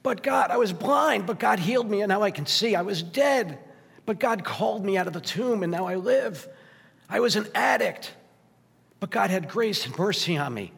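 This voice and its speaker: A man's voice: high-pitched, lively intonation, moderate pace, gravelly, fairly bright tone, breathy edge. A man preaching a sermon in a conversational style, asking "right?" often and growing emotional at points. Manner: emotional, gets choked up and laughs. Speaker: pastor. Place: church sanctuary. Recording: long hall reverb.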